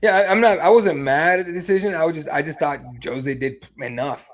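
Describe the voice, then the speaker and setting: A man hosting a casual podcast, telling stories in an animated, profane way. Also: on the high side, brisk. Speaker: podcast host.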